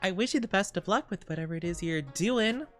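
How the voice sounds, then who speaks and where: A woman's voice: medium pitch, expressive, fairly quick, faint music behind. A woman streaming live, chatting casually and reading chat, giggly and rambling, her voice slightly scratchy today. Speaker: VTuber streamer.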